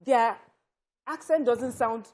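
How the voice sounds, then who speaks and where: A woman's voice: a little high, slow, a little mellow. Emphatic Nigerian woman panelist. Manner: emphatic, opinionated. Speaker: talk show co-host. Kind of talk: studio panel discussion.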